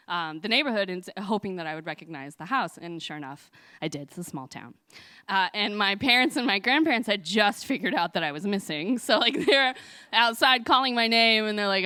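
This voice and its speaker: Woman doing a live story on stage, bright voice, dry close sound, laughs a lot. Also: fairly high pitch, dry recording. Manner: lively, laughing, chatty with many fillers.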